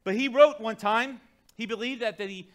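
A man's voice: extremely high pitch, moderate pace. A man pastor delivering a sermon, preaching emphatically and talking straight to his congregation in a conversational way. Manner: emphatic preaching that swings between quiet asides and loud declarations.

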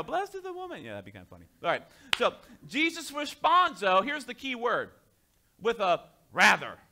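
A male pastor preaching a sermon in an animated way, often asking the congregation questions and dropping to a quiet voice for asides. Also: high-pitched.

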